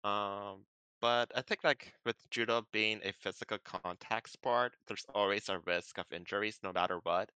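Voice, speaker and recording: Bright, crisp man chatting casually. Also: fairly low pitch, moderate pace, no echo. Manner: relaxed, explains judo throws with many ums and likes. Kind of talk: casual chat.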